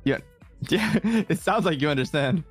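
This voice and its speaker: Young male co-player, higher voice, rambling and filler-heavy, casual. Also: expressive, measured pace, soft background music. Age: young adult. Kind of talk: casual gaming stream chat.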